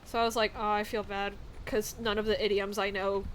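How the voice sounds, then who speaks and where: A woman's voice: medium pitch, flat delivery, brisk, a little hiss or hum. A young woman from the American South, chatting casually on a live stream, rambling with lots of fillers and frequent laughs. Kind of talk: casual chat.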